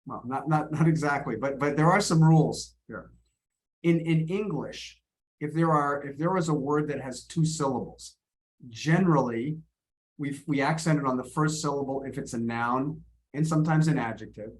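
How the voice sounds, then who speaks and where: A man's voice: fairly high pitch, normal speed. Man teaching on a video call. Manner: friendly, repeats words and restarts often. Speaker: English pronunciation teacher. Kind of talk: live online lesson.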